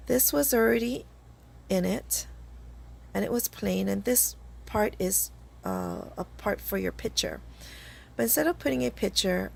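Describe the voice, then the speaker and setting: Slow, gravelly-voiced woman with a cold. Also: medium pitch, slight background noise. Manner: chatty, slightly halting explanations. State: hoarse with a cold. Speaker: craft video host. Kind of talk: casual craft tutorial chat.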